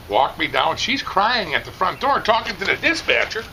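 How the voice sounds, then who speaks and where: A middle-aged man telling a rambling, animated story, casually chatting outdoors at a barbecue competition. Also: high voice, moderate pace, gravelly, slight background noise, low-quality recording.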